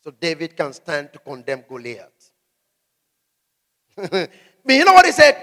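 A man preaching a sermon, asking the congregation questions and shouting out scripture. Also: extremely high pitch, very animated, normal speed, gravelly, long pauses, long reverb tail. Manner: emphatic call-and-response preaching, shouting scripture.

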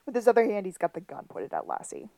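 A woman co-hosting a podcast, recapping a TV episode in casual chat and acting out quick lines from scenes. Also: mid-range voice, huge pitch swings, vocal fry, warm tone, no room sound. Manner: chatty, retells scenes with quick quoted lines. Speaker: podcast co-host.

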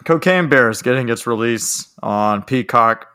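Male podcast co-host, relaxed joker with a bright, forceful tone. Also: mid-range voice, a little slow, clean tone. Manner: laid-back, laughs often, swears casually. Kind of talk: casual chat.

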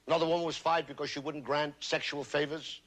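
A man with a fairly high voice and a level tone rattles off a punchy stand-up comedy monologue at a fast clip, his punchlines rising at the end. The clip comes from a noisy archival TV broadcast, with an audience laughing in the background.

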